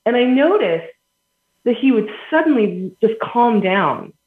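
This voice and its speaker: A woman's voice: fairly high pitch, big pitch swings, measured pace. A woman guest in a podcast interview, explaining earnestly with everyday examples and laughing between points. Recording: echoey phone-quality line.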